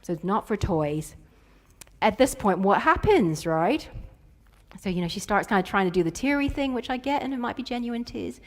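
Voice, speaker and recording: A woman's voice: fairly high pitch, expressive, brisk. A woman, telling playful stories in a conference keynote. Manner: playful storytelling with acted-out quotes. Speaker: keynote speaker.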